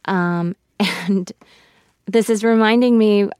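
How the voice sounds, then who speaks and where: A woman's voice: mid-range voice, fairly even intonation, slow pace, a little mellow, clean tone, dry recording, studio quality. A woman guest in a radio interview, talking reflectively and getting emotional, often laughing between thoughts. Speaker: actress guest.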